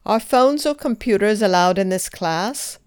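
A woman leading a scripted English grammar drill, enunciating each sentence carefully and pausing for the listener to repeat. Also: medium pitch, lively intonation, a little mellow, clean tone. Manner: careful, deliberate enunciation with pauses for repetition. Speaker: English teacher.

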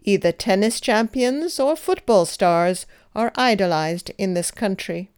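A woman leading a scripted English grammar drill, enunciating each sentence carefully and pausing for the listener to repeat. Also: mid-range voice, expressive, darkish tone, smooth. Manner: careful, deliberate enunciation with pauses for repetition. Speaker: English teacher.

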